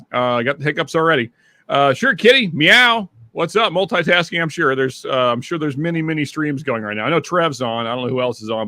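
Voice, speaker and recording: A man's voice: fairly high pitch, bright, forceful tone. A man hosting a livestream in casual chat, greeting viewers by name, with a slightly stuffy nose. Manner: chatty, reads out viewer names with quick greetings. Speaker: livestream host.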